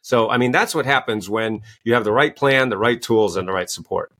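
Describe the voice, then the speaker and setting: A man's voice: mid-range voice, a little fast, a bit bright. A man, a coach and author, answering interview questions with enthusiastic storytelling. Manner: enthusiastic, storytelling, acts out quoted voices. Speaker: guest, executive coach and author.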